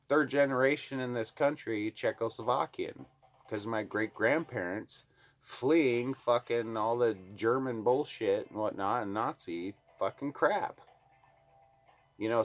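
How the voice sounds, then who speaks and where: A man from Alaska ranting heatedly to the camera, swearing constantly. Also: medium pitch. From Alaska, USA. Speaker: vlogger. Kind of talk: angry political rant to camera.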